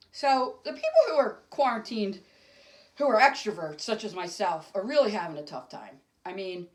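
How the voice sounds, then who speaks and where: Middle-aged woman, stand-up to camera at home, rambling, emotional, fairly high voice. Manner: rambling, emotional, jumps between topics. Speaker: stand-up comic. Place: home, alone.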